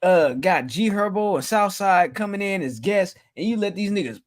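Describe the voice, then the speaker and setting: Male podcast co-host, high-ish voice, profane ribbing, casual talk. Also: animated, normal speed. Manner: mock-scolding, profane ribbing.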